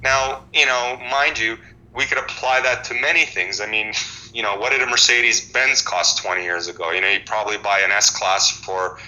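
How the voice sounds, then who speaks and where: A man in his forties, speaking as a housing expert guest in an interview, telling stories with animated restarts. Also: lowish voice, moderate pace, poor audio. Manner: animated storytelling with frequent restarts. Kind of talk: conversational interview.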